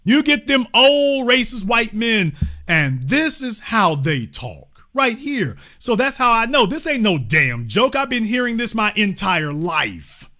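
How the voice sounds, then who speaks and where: Lively emphatic man. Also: high voice, measured pace. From Louisiana. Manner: emphatic, repetitive, swings between loud and hushed. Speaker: host. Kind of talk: impassioned political commentary.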